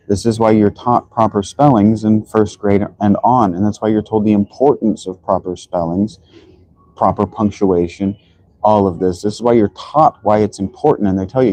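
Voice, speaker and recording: A man's voice: lowish voice, dark tone, dry recording, rough recording. A man from the United States hosting a livestream, lecturing in a rambling way with many restarts and fillers. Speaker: livestream host. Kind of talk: casual livestream monologue.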